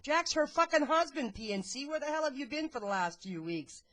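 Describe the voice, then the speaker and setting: A woman's voice: high-pitched, animated, brisk, fairly bright tone. A woman in a voice chat room, blunt and accusing, swearing as she questions another speaker. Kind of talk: heated voice chat.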